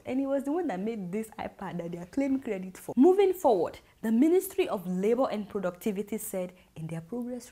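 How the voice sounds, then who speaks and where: A woman with a Nigerian accent hosting a satirical comedy show, mocking and animated, laughing often as she delivers her monologue. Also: high-pitched.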